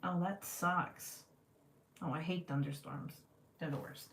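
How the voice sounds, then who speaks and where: A woman in her thirties hosting a livestream, telling animated, profane family stories and reading out viewer comments in casual chat. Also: low voice, measured pace, a little hiss or hum. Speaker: livestream host. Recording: roomy, distant from the mic.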